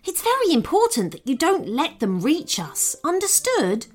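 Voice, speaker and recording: A woman's voice: high voice, huge pitch swings, pitched above the performer's own voice. A woman doing a bossy, smug magic mouse. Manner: snappish, brisk, commanding.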